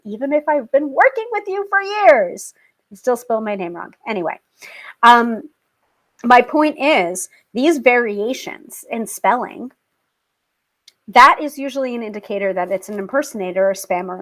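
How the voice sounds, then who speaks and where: A woman hosting her own tarot show, chatting casually to viewers, animated and quick to laugh. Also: a little high. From family British. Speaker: tarot reader and show host.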